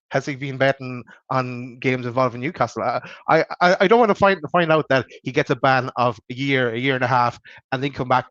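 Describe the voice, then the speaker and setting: A man's voice: medium pitch, fairly bright tone, dry recording. A man co-hosting a live football fan stream, chatting casually with hesitant restarts. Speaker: football podcast co-host. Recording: dry, dull lo-fi stream audio.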